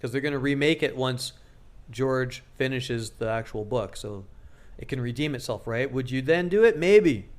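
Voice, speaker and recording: A man's voice: mid-range voice, expressive, normal speed. A man giving casual dating advice to camera, joking and crude, often acting out what people say. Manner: joking, crude, acts out quoted lines in exaggerated voices. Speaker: dating coach.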